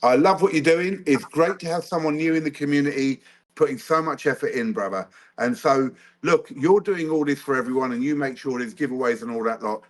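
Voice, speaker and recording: A man appears as a guest on a live stream, chatting in a friendly, easygoing way with casual slang. His voice is on the high side and fairly quick.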